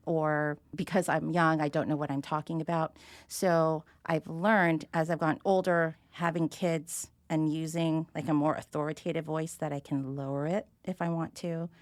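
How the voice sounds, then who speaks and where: A woman's voice: sits low, dry recording. A woman talking casually and thoughtfully about her own voice as a podcast guest. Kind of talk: casual reflective chat.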